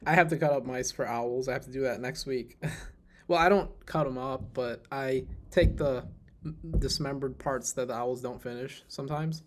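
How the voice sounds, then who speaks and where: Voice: mid-range voice, moderate pace, a little hiss or hum. Curious young podcast host asking questions. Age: 20s. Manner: curious, asks many questions, laughs often. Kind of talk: casual chat.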